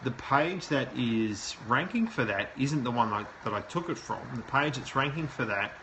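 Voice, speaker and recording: Bright-voiced man reviewing a website live. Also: medium pitch, animated, normal speed, a little hiss or hum, low-quality recording. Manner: thinking aloud, plain-spoken and direct. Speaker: SEO consultant host. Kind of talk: live website review, talking while browsing.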